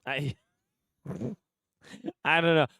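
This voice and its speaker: A man's voice: fairly high pitch, animated, very slow, creaky, bright, forceful tone, no echo, clean studio sound. A man hosting a casual commentary stream, swearing and laughing, with an exasperated delivery. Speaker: streamer host.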